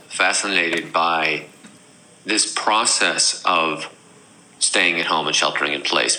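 A man co-hosting a casual talk show, talking in a thoughtful, halting way as he searches for words. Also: on the low side, pushed and bright, rough recording. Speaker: podcast co-host. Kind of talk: casual chat.

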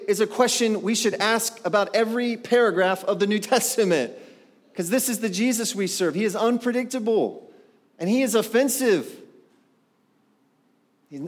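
A male pastor preaching a sermon in an animated way, asking the congregation rhetorical questions. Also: high voice, normal speed. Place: church sanctuary. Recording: long hall reverb.

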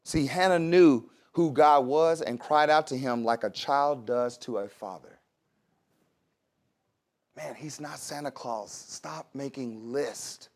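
Conversational man preaching a sermon. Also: on the high side. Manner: conversational preaching with laughs and asides. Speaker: pastor.

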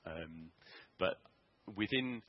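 A man preaches in a church, telling his story in an earnest, halting way. His voice sits very low and sounds husky. The recording is dull and muffled. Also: lively intonation. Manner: earnest storytelling with many ums and restarts. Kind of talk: sermon testimony.

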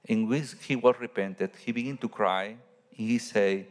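A man, a Catholic priest, giving a homily in halting English and searching for his words. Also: lowish voice, fairly even intonation, big-room sound.

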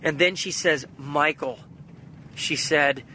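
Earnest man telling a story, bright voice. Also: on the high side, slow, slight background noise. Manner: earnest storytelling, retelling a phone call. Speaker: vlogger. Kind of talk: personal faith vlog.

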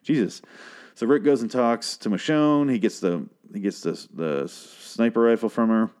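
Guy with a lowish voice rambling thru an episode recap, sarcastic, swears a lot, keeps trailing off. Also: moderate pace, a little mellow. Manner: profane, sardonic, trails off with frequent restarts. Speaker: show recap podcaster.

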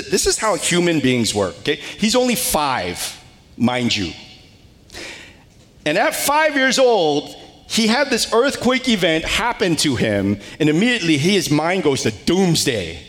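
A man in his thirties preaching a sermon as pastor, telling a family story with lively animation. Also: a little high, measured pace. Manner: animated storytelling with wails and laughs. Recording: long hall reverb.

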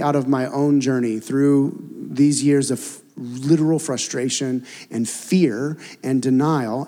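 A man preaching a sermon as a pastor, earnest and conversational, sometimes dropping to a soft, intimate tone. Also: medium pitch, long reverb tail.

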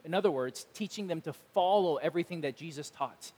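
A man pastor preaching a sermon, animated and emphatic, acting out imagined dialogue. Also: on the high side, fairly quick, breathy edge, in a large hall.

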